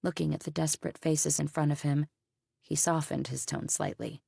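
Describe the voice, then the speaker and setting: Low, gravelly woman narrating an audiobook. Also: steady tone, normal speed, warm tone, no echo, studio quality.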